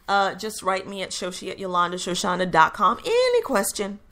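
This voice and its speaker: A middle-aged woman hosting a solo radio talk show, her voice bright and forward in tone. She rambles in an easy, upbeat way, sprinkling in fillers and restarting her sentences as she answers listener questions. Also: mid-range voice, wildly swooping pitch, brisk. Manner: chatty, upbeat, frequent fillers and self-corrections. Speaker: radio show host and intuitive reader.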